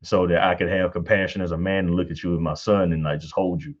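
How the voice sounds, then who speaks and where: A man in his thirties, a guest on a church panel, telling casual stories about fatherhood with frequent laughter and high-pitched acted-out quotes. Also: quick pace, dull audio. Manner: animated, laughs often, acts out quotes in high voice. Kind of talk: casual storytelling.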